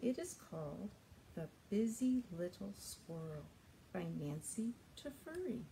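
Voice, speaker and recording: Animated woman reading to toddlers. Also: medium pitch, creaky, a little hiss or hum. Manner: sing-song, coaxing, drawn-out words for small children. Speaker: children's librarian. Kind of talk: toddler storytime read-aloud. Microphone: video recording.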